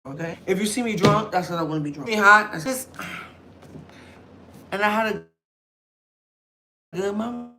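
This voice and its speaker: A young woman vlogger, chatting loudly and telling stories straight to camera. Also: medium pitch, normal speed, long pauses, a little hiss or hum. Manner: loud, chatty storyteller. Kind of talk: casual talk to camera.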